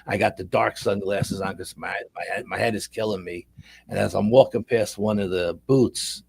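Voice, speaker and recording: A man's voice: fairly low pitch, fairly even intonation, moderate pace, vocal fry, breathy edge, no room sound. A middle-aged man, a paranormal investigator telling a long rambling story in a casual interview, repeating words as he goes.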